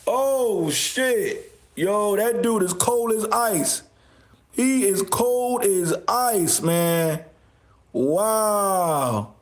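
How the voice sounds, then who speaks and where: High-pitched man, slow mocking livestream rant, echoey room. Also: animated. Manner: mocking, loud laughing outbursts, insults viewers. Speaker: livestream host. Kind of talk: ranting livestream commentary.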